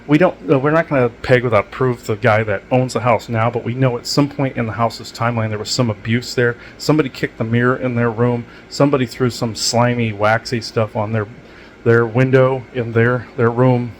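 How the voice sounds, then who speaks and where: A man's voice: mid-range voice, fairly even intonation, moderate pace, slight background noise. A man hosting his own channel, talking in a meandering casual monologue with many fillers and restarts, matter-of-fact about odd experiences. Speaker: channel host.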